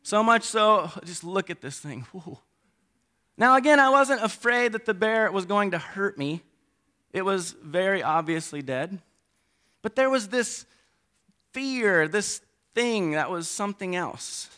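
A middle-aged man preaching a sermon, animated, swinging between loud emphasis and quiet asides. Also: sits high, unhurried, clean tone.

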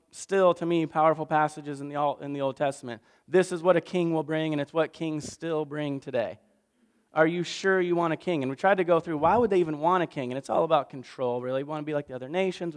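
A man's voice: fairly high pitch, clean tone. A man preaching a casual sermon recap in a conversational, self-deprecating way, acting out little voices. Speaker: pastor.

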